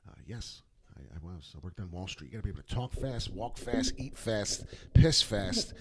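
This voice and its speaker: Male crypto chart commentator, lowish voice, rambling off-the-cuff delivery with heavy fillers. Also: sing-song, moderate pace. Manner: rambling, filler-heavy, repeats words for emphasis. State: hiccuping. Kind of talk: casual market commentary.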